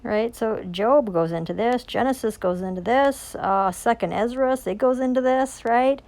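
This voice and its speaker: A woman's voice: on the high side, moderate pace, darkish tone. A woman speaking in a rambling, intense monologue about scripture. She swears often and keeps asking rhetorical questions. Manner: intense, profane, preachy with frequent rhetorical questions. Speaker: self-styled religious preacher.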